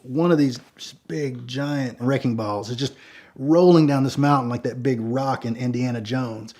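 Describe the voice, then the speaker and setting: A man telling a long story in a casual, animated way, with many fillers and repeated words. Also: medium pitch, normal speed. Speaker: storyteller guest.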